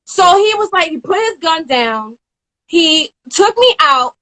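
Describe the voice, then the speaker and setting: A young woman in her twenties, an interview guest telling a story in a casual live-stream chat over a phone or video call, animated and quick to act out the people she describes. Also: extremely high pitch, rough recording.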